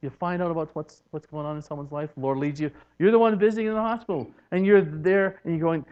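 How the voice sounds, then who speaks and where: Higher-voiced man preaching, dull lo-fi sound. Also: quick pace, few pauses. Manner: acts out quoted speakers in soft, hushed voices. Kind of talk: church teaching. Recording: dull lo-fi recording.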